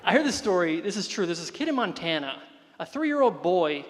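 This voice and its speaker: High-pitched male comic, self-deprecating storyteller, live room with long reverb. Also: very animated, brisk, a little hiss or hum. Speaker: stand-up comedian. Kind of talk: stand-up comedy set.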